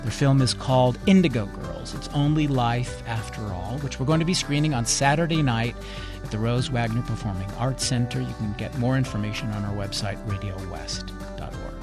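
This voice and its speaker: A man hosting a public radio interview show, speaking in a measured way and closing the program. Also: mid-range voice, over music. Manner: measured, brief murmured acknowledgments.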